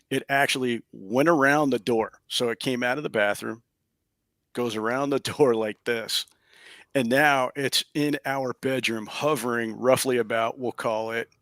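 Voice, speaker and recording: A man, a paranormal investigator, telling a story in animated, casual fashion from his home office over a video call, chuckling as he goes. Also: mid-range voice, unhurried, no room sound.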